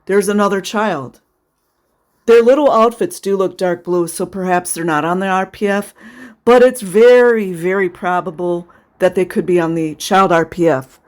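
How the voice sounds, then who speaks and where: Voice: medium pitch, moderate pace. Sarcastic, indignant video commentator. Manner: emotional, close to tears. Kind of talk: casual commentary over footage.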